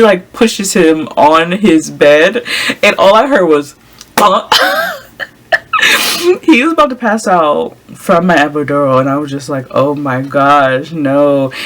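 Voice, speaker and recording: A young woman vlogger telling a casual storytime, chatty, with many ums and likes and frequent laughs. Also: on the low side.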